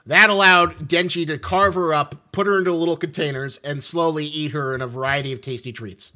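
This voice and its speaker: A man's voice: a little high, steady tone, fairly quick, sharp tone. A man co-hosting a casual podcast chat, joking around and often restarting his sentences with small stammers. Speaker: podcast co-host.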